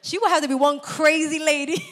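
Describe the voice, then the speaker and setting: A woman preaches in a lively, chatty way and laughs often. Her voice sits high and bright, and a long church reverb trails after her words. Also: a little fast. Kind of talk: sermon.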